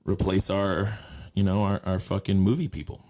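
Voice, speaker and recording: Low-voiced man, rambling podcast host. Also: flat delivery, moderate pace, warm tone. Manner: rambling, profane, many fillers. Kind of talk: casual chat.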